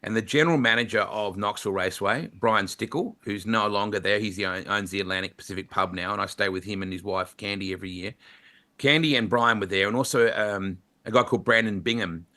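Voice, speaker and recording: Bright-voiced Australian commentator telling stories. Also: male voice, fairly low pitch, fast talker. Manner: animated anecdotes with playful voices. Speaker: motorsport commentator, guest. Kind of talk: storytelling interview answers.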